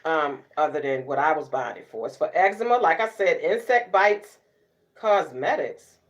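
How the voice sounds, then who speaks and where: A middle-aged woman vlogger, chatting casually to camera, sassy and loud, laughing often and cussing freely. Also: deep voice, expressive, normal speed. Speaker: beauty vlogger.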